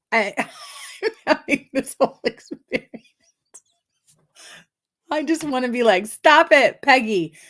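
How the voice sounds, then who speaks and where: Woman, numerology reader, unhurried, giggly, repeats affirmations, lowish voice. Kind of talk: live-stream card reading.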